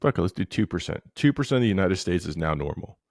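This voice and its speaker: A man in his thirties co-hosting a podcast, telling stories in profane, rambling, animated casual banter. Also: low-pitched, fast talker, no room sound, studio quality. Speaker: podcast co-host.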